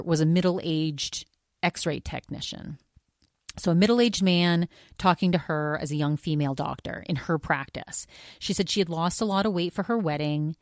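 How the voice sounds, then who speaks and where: Rambling, animated woman podcast host. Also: on the low side, no echo, studio quality. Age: older than college age. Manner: rambling, animated, many restarts. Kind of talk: casual podcast monologue.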